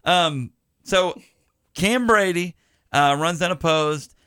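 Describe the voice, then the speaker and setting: A man's voice: a little high, takes it slowly, fairly bright tone, smooth, no echo, studio quality. A man hosting a podcast in casual chat, rambling with restarts and side jokes. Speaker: podcast host.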